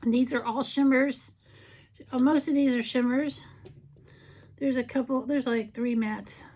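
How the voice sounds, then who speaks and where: A woman's voice: high-pitched, steady tone, slow, pauses often, darkish tone. Chatty, playful middle-aged woman vlogger. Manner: chatty and playful, breaks into silly sing-song bits. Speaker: beauty vlogger. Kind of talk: casual makeup vlog.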